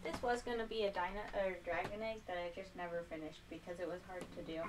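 A young woman with a headache chatting quietly on a home livestream, dry and low-key as she shows her crafts. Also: steady tone, fast talker, noisy background. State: has a headache. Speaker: streamer. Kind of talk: casual chat.

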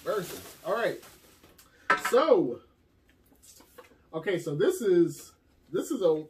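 A man's voice: high-pitched, big pitch swings, slow, background noise. A man chatting casually to his viewers while unboxing, slangy and talkative. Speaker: vlogger unboxing anime figures. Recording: distant mic with music behind.

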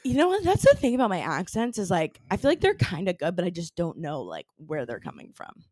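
A woman's voice: mid-range voice, big pitch swings, quick pace, darkish tone, dry recording. Young woman podcaster, bubbly and chatty, voice swoops all over, dry close mic. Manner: bubbly, laughs often, puts on silly accents. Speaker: podcast host. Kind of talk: casual chat.

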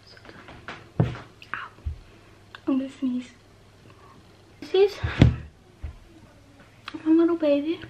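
High-pitched, excitable woman; casual home vlog, indoors. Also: slow, pauses often, lo-fi sound, slight background noise. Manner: chatty and excitable, coos softly to her pet.

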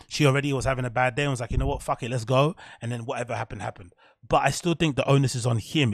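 Male podcast host, quick-talking, blunt and profane, dry close sound, casual commentary. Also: mid-range voice, dry recording.

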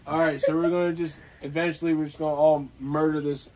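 A man's voice: fairly high pitch, little pitch movement, fast, a loud crowd. Joking young man in a backyard. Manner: loose, joking, swears a lot. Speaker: vlog co-host. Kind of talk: casual chat. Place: backyard outdoors.

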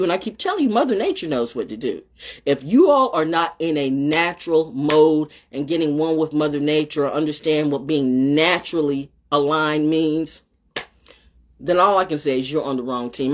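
A woman rants into her phone on a casual livestream, blunt and profane. Her husky voice leaps wildly up and down, sliding from sermon-like scolding into teasing sing-song chants. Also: sits low. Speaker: livestream host. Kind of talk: off-the-cuff ranting livestream.

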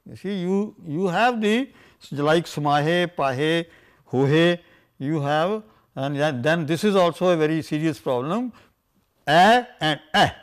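Older male scholar, somewhat high-pitched; unscripted, halting lecture, chants quotations slowly. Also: clean tone. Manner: halting, many "uh" and "you see", chants quoted verses slowly. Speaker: scholar lecturing on scripture language.

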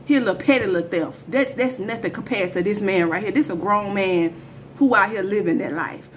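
Animated woman telling a story. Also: medium pitch, fairly quick, slight background noise. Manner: animated, slangy storytelling addressing viewers. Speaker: storyteller vlogger. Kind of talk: casual storytime vlog.

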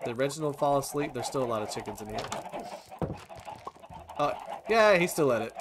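A man hosting a video game let's play, chatting casually and often bursting into high-pitched shouts and laughter. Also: animated, normal speed, pauses often, noisy background. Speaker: gaming channel host.

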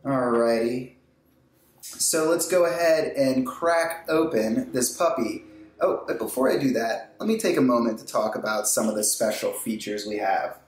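A man's voice: mid-range voice, normal speed. A man hosting a casual unboxing, chatting with joking, self-mocking asides. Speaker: host. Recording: echoey room.

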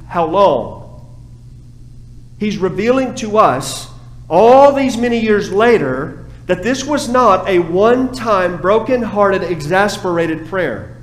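Impassioned male preacher in an echoey sanctuary. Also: high voice. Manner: impassioned preaching, swings from hushed to raised. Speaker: pastor. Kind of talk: sermon. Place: church sanctuary.

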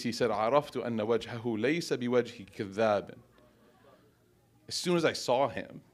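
A male teacher giving a heartfelt speech at a graduation ceremony, telling stories and reciting Arabic quotations. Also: fairly low pitch. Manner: storytelling, emotional, quoting Arabic.

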